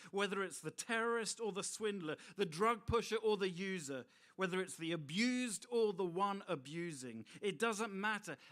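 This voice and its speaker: A middle-aged man preaching a sermon, expressive and full of rhetorical asides to his listeners. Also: sits high.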